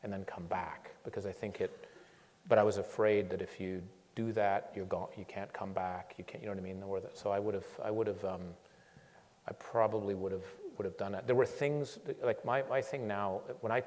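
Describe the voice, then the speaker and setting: A man giving a lecture as a guest speaker, telling stories in an animated way with lots of restarts and repeated words. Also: fairly low pitch, normal speed. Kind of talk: storytelling lecture. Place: lecture hall. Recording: echoey lecture hall.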